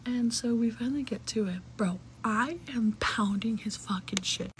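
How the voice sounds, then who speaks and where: A young adult woman telling a personal story in casual, chatty talk, full of "like" fillers, cursing, and hushed, whispery asides. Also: a little high, normal speed, faint music behind, poor audio.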